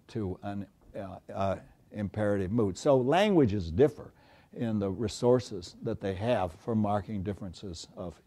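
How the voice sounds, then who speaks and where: An older man giving a university lecture, often pausing on uh and stressing his example sentences. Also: fairly low pitch, mellow. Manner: many uh fillers, emphatic example phrases. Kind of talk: classroom lecture. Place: lecture hall.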